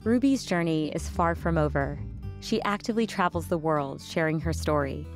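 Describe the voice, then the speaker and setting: A woman podcast host giving a measured, scripted narration and sign-off. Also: deep voice, faint music behind.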